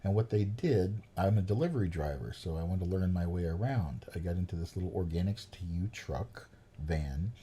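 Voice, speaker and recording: Podcast guest: deep, husky New man telling profane, ranting stories. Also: brisk, dark tone. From New York. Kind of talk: storytelling chat.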